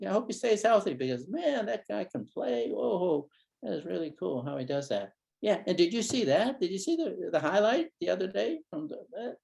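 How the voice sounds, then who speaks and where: A man giving a conference keynote, acting out talks with a child in a gentle, wondering tone. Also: fairly high pitch, gravelly. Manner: animated, acts out conversations with a child in a gentle, wondering tone. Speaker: keynote speaker, psychologist. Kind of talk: conference lecture with acted-out dialogues. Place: conference hall.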